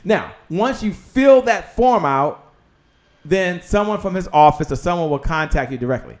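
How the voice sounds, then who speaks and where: A man hosting a live-streamed talk show, excitable and animated, talking straight to his viewers and his guest. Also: high-pitched, moderate pace. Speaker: show host.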